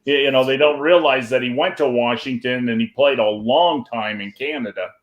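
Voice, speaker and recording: A man's voice: medium pitch, moderate pace, dull audio. Easygoing man in a roomy space. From Iowa. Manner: easygoing, reminiscing storyteller. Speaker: podcast co-host. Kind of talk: casual sports watch-along chat.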